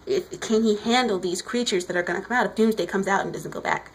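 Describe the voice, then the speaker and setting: A woman giving an excited, casual comic review while standing, often restarting her sentences. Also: medium pitch, fast talker, a little hiss or hum, poor audio.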